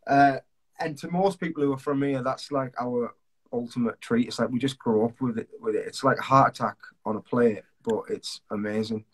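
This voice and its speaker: A man's voice: medium pitch, steady tone, normal speed, slightly rough. A man, a singer-songwriter, chatting casually in an interview on a video call, self-deprecating and full of restarts.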